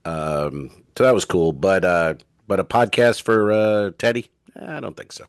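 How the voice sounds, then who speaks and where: A comedian co-hosting a podcast, rambling through anecdotes in casual chat and acting out the dialogue. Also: male voice, low voice, fairly even intonation, measured pace, clean tone, no echo.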